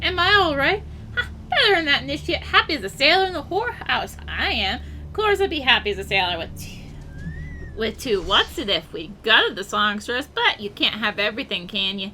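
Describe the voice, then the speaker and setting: Woman doing a gruff boozy sea captain. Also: a little high, sing-song, a little fast, pushed and bright, a little hiss or hum. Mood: boisterous. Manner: rowdy, coarse sailor talk.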